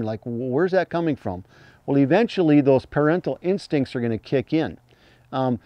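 A man teaching hunting calls in a plain-spoken, folksy way, breaking into high imitated fawn cries as he explains. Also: no room sound, dull audio. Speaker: hunting call instructor. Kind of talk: instructional talk.

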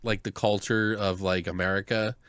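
A man's voice: on the low side, flat delivery, moderate pace, a bit bright, clear, resonant tone, no room sound, studio quality. Rambling, laughing podcast guy. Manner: rambling, laughs often, swears, mimics characters. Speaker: podcast co-host. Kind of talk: casual movie review chat.

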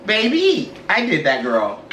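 A man's voice: high-pitched, huge pitch swings, measured pace, bright, forceful tone. A man co-hosting a casual mukbang chat, sassy and drawling, calling everyone honey and girl. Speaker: co-host. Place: indoors at a dining table. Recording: roomy, slightly distant, faint noise.

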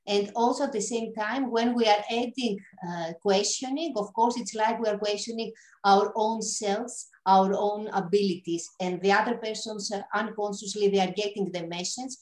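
A woman hosting an interview, agreeing warmly with her guest and asking questions in slightly non-native phrasing. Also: medium pitch, fairly even intonation, moderate pace, few pauses, roomy sound, rough recording. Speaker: interview host. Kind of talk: conversational interview.

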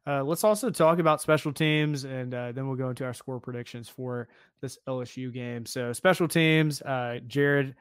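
A man's voice: medium pitch, steady tone, normal speed, hardly any pauses, clear, resonant tone, dry recording, clean studio sound. A man co-hosting a casual sports podcast, talking in a loose, easygoing way full of "like" and "kinda.". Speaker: podcast co-host.

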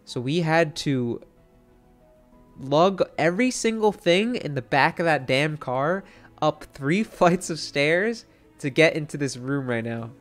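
A man's voice: on the high side, animated, slow pace, soft background music. A young man casually telling a long story as a streamer, rambling with lots of filler words and swearing.

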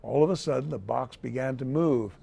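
A man, a city mayor, reading a children's picture book aloud in a gentle storytelling manner. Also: medium pitch, gravelly, husky. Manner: gentle, slow storytelling with lively read-aloud voices.

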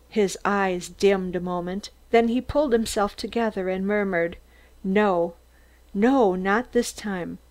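A woman narrating a novel as an audiobook in a slow, measured way. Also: mid-range voice, darkish tone. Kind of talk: scripted narration.

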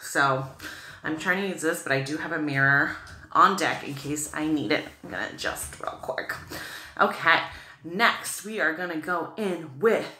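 A woman's voice: low-pitched, moderate pace, sharp tone, roomy sound. A woman from New England chatting through a makeup tutorial, gushing about products and full of "like" and "okay.". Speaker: beauty vlogger.

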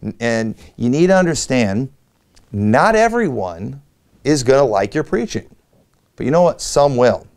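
Earnest male pastor with a smooth voice. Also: medium pitch, very animated, a little slow, a little mellow. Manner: earnest, direct exhortation with rising emphasis; reads scripture aloud in King James wording. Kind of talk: teaching on preaching. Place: church.

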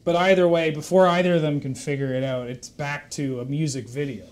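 A man on a live charity stream telling a long, meandering shaggy-dog joke, full of self-corrections and deadpan asides. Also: a little high, a little fast, a little hiss or hum. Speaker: stream performer.

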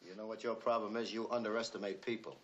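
A man's voice: lowish voice, steady tone, quick pace, dull audio, slight background noise, lightly acted. An actor playing a cocky, wisecracking tough-guy man in a 1960s Hollywood film, talking in a sarcastic, needling way. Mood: cool.

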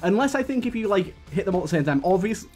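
A man's voice: high voice, expressive, quick pace, darkish tone, soft background music. A man giving casual, rambling commentary while playing a video game, hiccuping now and then. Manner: chatty, rambling, frequent fillers and restarts. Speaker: gaming YouTuber.

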